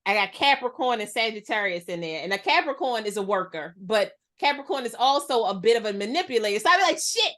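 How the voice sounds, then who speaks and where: Animated, higher-pitched woman in her forties. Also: fast talker, few pauses. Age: 40s. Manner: animated storyteller, acts out voices. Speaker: podcast guest. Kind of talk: casual conversation.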